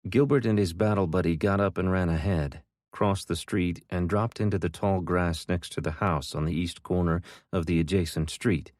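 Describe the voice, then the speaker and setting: A man reading an audiobook in a steady, even narration. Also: low-pitched, moderate pace, few pauses, no room sound, studio quality. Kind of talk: scripted narration.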